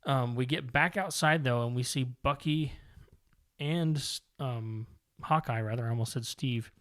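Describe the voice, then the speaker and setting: A man co-hosting a comic book podcast, recapping the plot in casual chat. He rambles, fills pauses and corrects himself mid-sentence. His voice sits at an ordinary middle pitch. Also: a bit bright. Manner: rambling, with many fillers and self-corrections. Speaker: podcast co-host.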